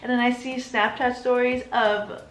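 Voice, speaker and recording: A young woman in her twenties with a slightly high voice tells a personal story in a casual, chatty way. She keeps dropping in filler words as she retells what happened. Her voice carries some echo from the room. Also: little pitch movement, normal speed. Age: 20s. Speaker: vlogger. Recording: roomy echo.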